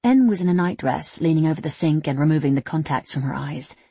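A woman narrating an audiobook in an even, steady reading voice. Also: deep voice, fast, slightly rough, no echo.

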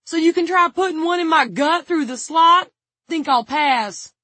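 A woman's voice: measured pace, no echo, heavily acted. A woman doing a sneering, defiant gunman. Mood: defiant yelling. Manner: shrill defiant yelling. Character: crude defiant male gunman, hostile and sneering.

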